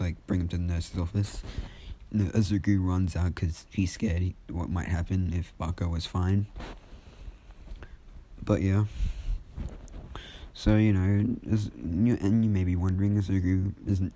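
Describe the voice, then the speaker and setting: Low, mellow-voiced man rambling a story. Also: little pitch movement, moderate pace, slight background noise. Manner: rambling, full of fillers and restarts. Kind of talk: casual fan story retelling.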